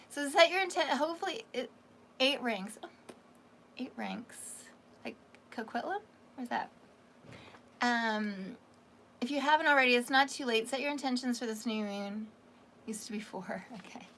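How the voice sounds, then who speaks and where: Bright, high raspy woman on a livestream. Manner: chatty and affectionate, calls viewers honey. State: slightly raspy from dehydration. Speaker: psychic reader hosting a livestream. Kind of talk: casual livestream chat, greeting viewers.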